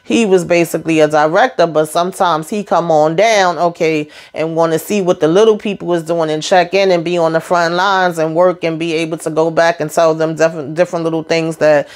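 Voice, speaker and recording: A woman casually recapping a TV episode, chatty and animated, speaking frankly and mildly cursing as she calls out the characters. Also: low voice, fairly quick, hardly any pauses. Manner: frank and blunt, with mild swearing. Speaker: TV episode reviewer.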